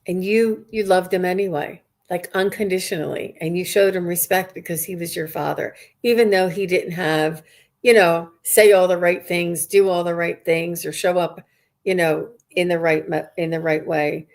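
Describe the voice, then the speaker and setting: Woman, low-ish voice, psychic medium on a live stream, earnest and rambling. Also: fairly even intonation, normal speed. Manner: earnest, rambling, many restarts and fillers. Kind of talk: live-stream reading for viewers.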